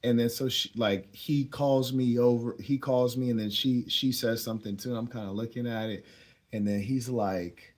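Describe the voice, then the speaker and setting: A young man telling a story as a dating advice host, relaxed and slangy, often chuckling as he talks. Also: medium pitch, moderate pace. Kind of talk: casual storytelling monologue.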